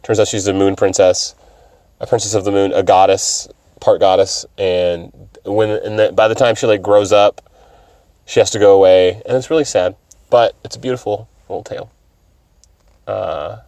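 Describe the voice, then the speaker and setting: A man's voice: fairly low pitch, fairly even intonation, moderate pace, a little mellow, no echo. A man hosting a podcast, rambling casually with lots of fillers and swearing. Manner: profane, rambling, full of fillers. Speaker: podcast host.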